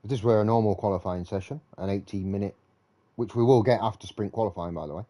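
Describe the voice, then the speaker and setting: Quick-paced, this low-voiced, mellow man commentates a racing league live. He stays laid-back and talkative, mulling things over aloud between updates.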